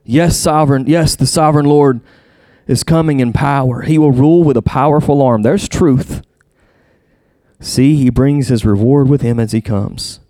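A man's voice: moderate pace, dry recording, studio quality. A man preaching a sermon, reading scripture aloud and repeating himself as he searches for words, his voice climbing when stirred. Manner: passionate, rises high and loud when stirred. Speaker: pastor.

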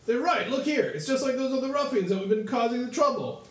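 A man voicing a rough common town guard who calls out loudly and bluntly. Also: extremely high pitch, expressive, fast, reverberant, pitched above the performer's own voice. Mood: alarmed. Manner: loud, blunt.

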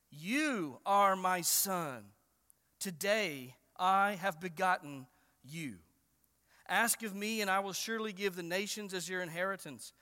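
A man preaching an expository sermon, emphatic and slowing down to stress the verses he quotes. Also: high voice, sharp tone. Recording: long hall reverb.

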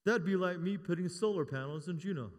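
A man's voice: high voice, fairly quick. A man in his fifties preaching a sermon in a church, joking with the congregation and rising to emphatic calls. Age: 50s. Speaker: pastor. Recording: long hall reverb.

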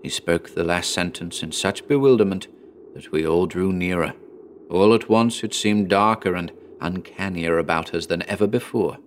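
Deep-voiced man narrating a horror tale. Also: normal speed, slight background noise. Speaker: audiobook narrator. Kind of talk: scripted narration.

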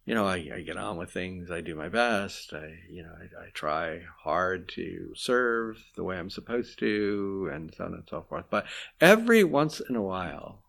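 Low gravelly man, reflective interviewee, halting and confessional. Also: expressive, fairly bright tone. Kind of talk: reflective spoken testimony.

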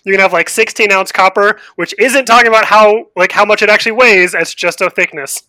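Male player, high bright voice, plain chatty delivery. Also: a little fast, no room sound. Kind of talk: casual chat.

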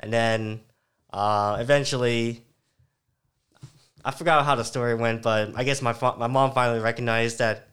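A man's voice: medium pitch, fairly even intonation, normal speed, pauses often, fairly bright tone, clear, resonant tone. A young man in his twenties, chatting casually and laughing often, in a laid-back slangy way. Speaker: guest, breakdancer. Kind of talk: casual chat.

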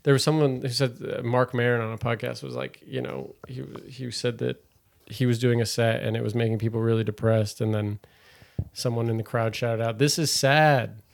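A young man with a gravelly, creaky edge to a mid-pitched voice, talking as a comedian on a podcast. He rambles, circles back and piles on fillers in relaxed conversation. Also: brisk. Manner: rambling, lots of fillers and restarts. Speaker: stand-up comedian, podcast guest.

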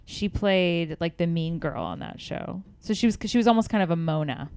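A woman's voice: lowish voice, moderate pace, a little mellow, smooth, no room sound. A woman guesting on a casual podcast, chatty, laughing between remarks and restarting her sentences. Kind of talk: casual chat.

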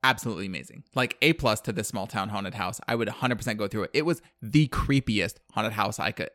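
A man's voice: on the low side, quick pace, fairly bright tone, no room sound. A man telling a movie plot in casual chat, rambling with lots of fillers and acted-out quotes. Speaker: podcast co-host.

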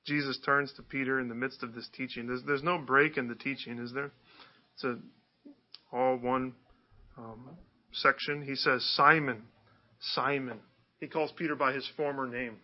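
A man's voice: mid-range voice, steady tone, moderate pace, highs cut off. A man preaching a sermon in a conversational way, often asking his listeners rhetorical questions. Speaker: pastor.

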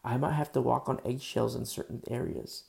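A man's voice: mid-range voice, brisk, vocal fry, darkish tone. A man preaching a conversational sermon in a casual, earnest way, full of fillers. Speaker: pastor.

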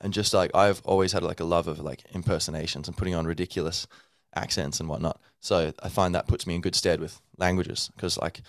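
A man's voice: low voice, fairly even intonation, a little fast, few pauses, no echo, clean studio sound. A man hosting a podcast, speaking in a loose, rambling monologue full of fillers and sounding tired from little sleep. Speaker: podcast host.

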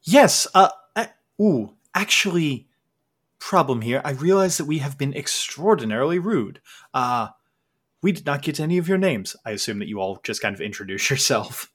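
A man narrating as game master of a tabletop game, relaxed and often chuckling. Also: mid-range voice, moderate pace, husky.

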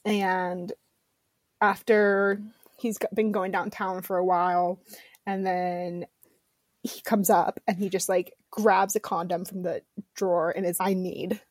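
A woman's voice: lowish voice, little pitch movement, slow, no echo, studio quality. A woman hosting a book podcast, chatting casually with lots of fillers and giggles. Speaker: podcast host and romance author. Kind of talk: casual chat.

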